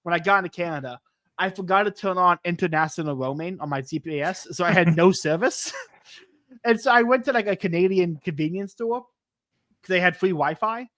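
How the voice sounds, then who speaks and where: A man who hosts a podcast, telling stories in a casual, excitable and rambling way, often restarting his sentences. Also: sits high, normal speed, no echo, studio quality. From United States. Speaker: podcast host. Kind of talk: casual storytelling chat.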